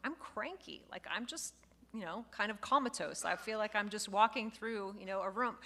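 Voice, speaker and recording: A woman instructor giving a lively lecture to a live class, acting out example phrases as she goes. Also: mid-range voice. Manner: lively, expressive, acts out quoted phrases.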